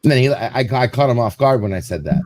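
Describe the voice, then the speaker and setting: A man's voice: medium pitch, expressive, quick pace, a little mellow, no echo. A man hosting a casual show, telling a story in a rambling way and acting out what people said. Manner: rambling storyteller, repeats words, acts out quotes. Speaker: show host.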